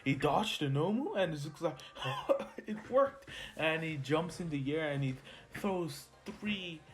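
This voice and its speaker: A man's voice: fairly high pitch, expressive, moderate pace. A man casually telling a made-up fan story, rambling, correcting himself and laughing at his own slips. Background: soft lofi music.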